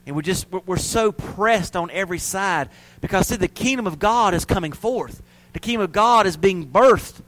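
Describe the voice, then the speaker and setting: A man preaching a sermon, telling stories and building to loud, fervent peaks. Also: high-pitched, normal speed, rough recording.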